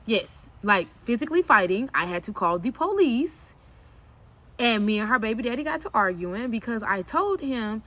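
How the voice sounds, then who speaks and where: Bright, high-voiced woman telling a blunt story. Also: normal speed. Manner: blunt, profane and emphatic, often cursing; animated retelling with sharp jumps when quoting herself. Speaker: vlogger telling a personal story. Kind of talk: candid storytime vlog.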